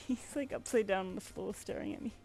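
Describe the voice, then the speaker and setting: A woman's voice: mid-range voice, dark tone. Chatty British woman streaming. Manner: chatty, playful, coos at her pet. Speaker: streamer drawing live commissions. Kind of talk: casual chat while drawing.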